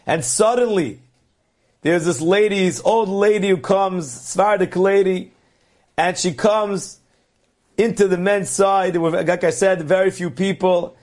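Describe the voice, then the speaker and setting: A man's voice: high-pitched, measured pace, darkish tone. A man telling religious stories earnestly, stretching words for emphasis. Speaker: religious storyteller. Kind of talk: religious storytelling.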